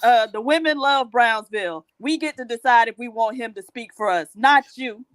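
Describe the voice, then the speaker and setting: A woman's voice: fairly high pitch, moderate pace. A woman co-hosting a live stream, playfully reading out super chats and teasing.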